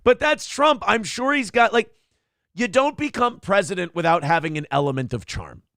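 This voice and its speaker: A man hosting a morning show with a fairly high, gravelly voice, swearing and joking as he rambles through stories. The sound is dry and close to the mic. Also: animated, moderate pace, a bit bright, dry recording. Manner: crude, joking, rambling storyteller. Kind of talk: casual comedic chat.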